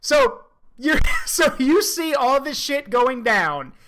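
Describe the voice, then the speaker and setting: A streamer giving casual reaction commentary, joking and crude, thinking out loud. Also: high voice, wildly swooping pitch, takes it slowly, a little hiss or hum.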